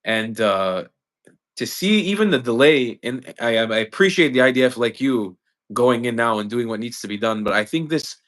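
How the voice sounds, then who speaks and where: A man's voice: mid-range voice, expressive, moderate pace, a bit bright. A man hosting a live stream, speaking earnestly and with passion, often repeating words and restarting lines. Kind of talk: impassioned live-stream commentary.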